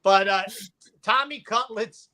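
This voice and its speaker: Guy, guest storyteller; punchy, bright tone, loud when he quotes people. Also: sits high, slow. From Brooklyn, New York. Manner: animated, profane, acts out quotes loudly. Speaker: podcast guest. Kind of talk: casual storytelling.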